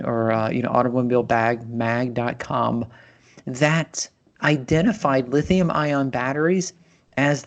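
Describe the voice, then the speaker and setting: A man hosting a casual chat show, with a plain, mid-range voice. He talks loosely and conversationally, often pausing on fillers and restarting his sentences. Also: mid-range voice. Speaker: podcast host.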